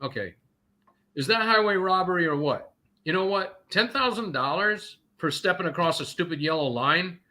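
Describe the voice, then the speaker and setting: A man's voice: sits high, lively intonation, normal speed, bright, forceful tone. Indignant trucker man from North Carolina. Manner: indignant, rambling with many fillers. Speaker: guest trucker. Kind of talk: casual call-in talk, telling stories.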